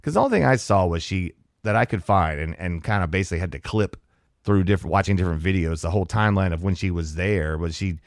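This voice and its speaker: A man's voice: low voice, no echo, clean studio sound. A man hosting a comedy podcast, ranting in a sarcastic, exasperated way with frequent restarts. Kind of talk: casual comedic rant.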